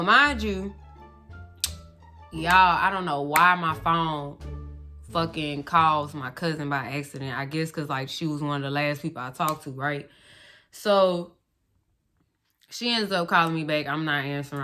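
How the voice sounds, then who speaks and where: A young woman talks straight to her audience in a bright, somewhat low voice, blunt and loose with swearing. Faint music plays behind her as she tells the story casually. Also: unhurried, long pauses. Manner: blunt, profane, conversational. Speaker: vlogger.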